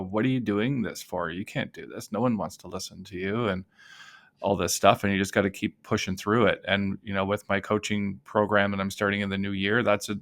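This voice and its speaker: A man hosting a podcast as a life coach, talking in a relaxed, reflective way. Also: fairly low pitch, vocal fry. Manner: reflective, thinking aloud. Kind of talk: casual podcast conversation.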